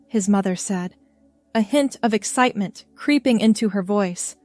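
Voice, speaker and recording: A woman reading a story aloud as narrator, in a gentle, measured way. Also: medium pitch, no room sound, soft background music. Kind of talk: scripted narration.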